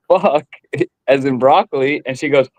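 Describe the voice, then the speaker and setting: A man's voice: mid-range voice, a little slow, darkish tone, dry recording, poor audio. A man chatting casually as a guest, gushing with gratitude and telling a joke with enthusiasm.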